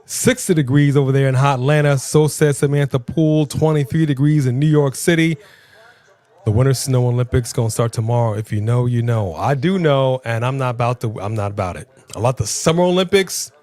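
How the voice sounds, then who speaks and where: A man's voice: mid-range voice, a little fast. A man co-hosting a live stream, chatting casually and playfully reading out viewer comments. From Southern California. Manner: energetic, playful, reads chat aloud.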